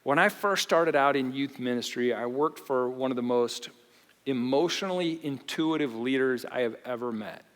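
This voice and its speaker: A man preaching a sermon in a church, animated, often repeating and restarting his phrases. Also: medium pitch, normal speed. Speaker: pastor. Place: church auditorium. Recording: long reverb of a large hall.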